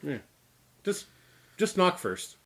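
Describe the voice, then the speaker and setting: A man from Canada co-hosting a casual beer review, jokey and animated, with exaggerated reactions to what he tastes. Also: high-pitched, slow, creaky. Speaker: co-host of a beer review show. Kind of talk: casual chat.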